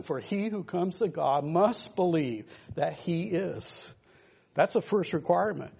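Older male pastor, husky gravelly voice, a bit high, rambling emphatic sermon. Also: animated, slow, a little mellow. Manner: rambling, emphatic preaching with asides to listeners. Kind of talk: informal sermon.

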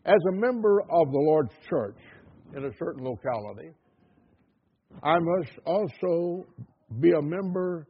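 A man's voice: fairly high pitch, expressive, measured pace, husky. A man preaching a sermon, firing repeated questions at the congregation and reading scripture in an old-fashioned cadence. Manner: impassioned, repeating rhetorical questions. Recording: tinny phone-like sound.

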